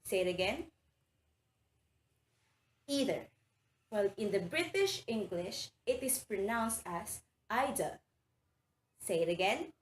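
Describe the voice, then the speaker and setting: A woman teaching a recorded reading lesson, carefully saying words aloud for students to repeat. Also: medium pitch. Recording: roomy echo, faint background noise.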